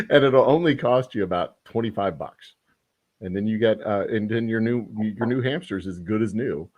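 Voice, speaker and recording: Low-voiced rambling podcast host man. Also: a little slow, pauses often, darkish tone, dry recording. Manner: rambling, self-correcting, joking. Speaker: podcast host and whiskey maker. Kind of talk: casual podcast chat.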